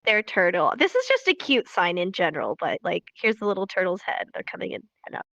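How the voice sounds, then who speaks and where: Bright chatty young woman teaching. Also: medium pitch, big pitch swings, fairly quick, dry recording, dull audio. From California. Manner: chatty, laughs often, acts out examples. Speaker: sign language teacher. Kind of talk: casual livestream lesson.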